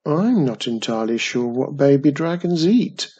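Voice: mid-range voice, animated, normal speed, mellow, slightly rough, muffled recording. A reader voicing a nervous, complaining young male wizard in a storybook, stammering and grumbling. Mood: uneasy. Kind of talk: storybook reading.

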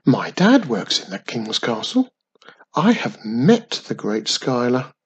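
A man voicing a cheerful, curious young female witch, pitched high and eager. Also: wildly swooping pitch, takes it slowly, breathy edge, dull audio, exaggerated voice. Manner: eager, stuttering when nervous.

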